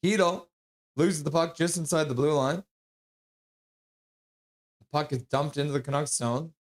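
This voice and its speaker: A man calls a hockey game live for his stream, quick to get excited and blunt in his judgments. His voice sits a little higher than most men's, and he slides easily between play-by-play and casual banter with chat. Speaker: streamer doing fan play-by-play.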